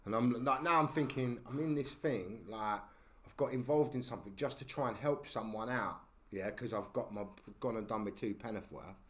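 At medium pitch and normal speed, with a fairly bright tone, a London-accented man recounts a story as a podcast guest. He talks in casual slang and peppers his lines with "yeah?".

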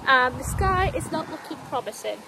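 A woman's voice: high-pitched, lively intonation, moderate pace, creaky, noisy background. A young woman in her twenties chatting casually to camera while walking her dog through the countryside, a little out of breath. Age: 20s. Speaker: vlogger. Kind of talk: casual vlog chat. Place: outdoors on a countryside walk.

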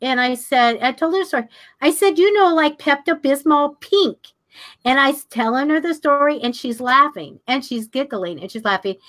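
An older woman co-hosting a psychic talk show, telling stories in a casual, animated way, acting out the voices of people in them and laughing often. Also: high voice, brisk. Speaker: psychic radio show co-host. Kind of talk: casual storytelling chat.

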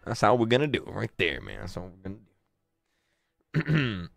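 A man's voice: fairly low pitch, wildly swooping pitch, normal speed, gravelly, no room sound, faint music behind. A man streaming live and reading his chat aloud. He is exasperated, repeats himself, stammers and breaks into laughs. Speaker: livestreamer. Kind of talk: livestream chat commentary.

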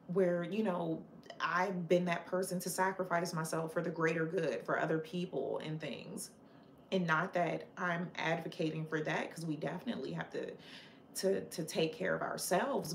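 A woman hosts a casual livestream, chatting with her viewers in a lowish, creaky voice that sounds reverberant over slight background noise. She's passionate and opinionated, talking with frequent fillers and restarts.

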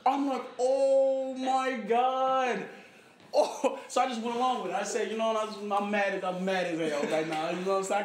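A young man in his early twenties telling a personal story in casual conversation, animated and acting out what people said, often asking "you know what I'm saying". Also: sits high. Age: young adult, about 21. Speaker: interviewee in a photo project. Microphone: recorded conversation played back in the talk. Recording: echoey room with faint background noise.

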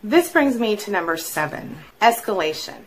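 A middle-aged woman talks straight to the listener as a life coach, lively and conversational. She slips into quoted voices now and then, acting them out with a rise in pitch. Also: moderate pace, slight background noise, rough recording. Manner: animated, acts out quoted voices. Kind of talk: explainer talk to camera.

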